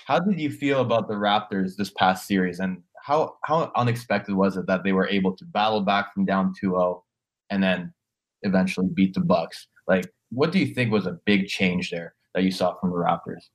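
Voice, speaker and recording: Male podcast host, slightly low voice, easygoing banter, stumbles a little. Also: moderate pace. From Canada. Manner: relaxed, joking, stumbles over words. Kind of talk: casual sports podcast chat.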